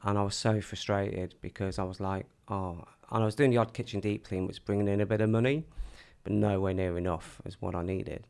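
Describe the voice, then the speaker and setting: Gravelly low-voiced man telling a story. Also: fairly quick, hardly any pauses. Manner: animated storyteller acting out quoted dialogue. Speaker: podcast host telling his story. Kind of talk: casual storytelling.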